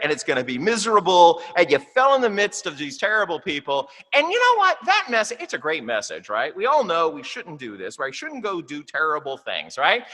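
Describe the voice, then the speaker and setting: A male pastor preaches in a church, and his bright, forceful voice rings through a long hall reverb. His pitch swings widely as he talks to the congregation. He slows down and weighs each word when he reads scripture aloud. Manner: animated and conversational, often checks in with "right?"; reads scripture slowly and deliberately. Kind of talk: sermon with scripture reading. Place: church sanctuary.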